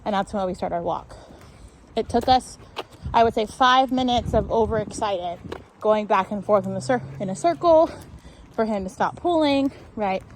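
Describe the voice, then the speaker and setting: A woman's voice: medium pitch, animated, moderate pace, darkish tone, slight background noise, low-quality recording. A woman dog trainer explaining a walk outdoors on a neighborhood street, often checking in with "right?".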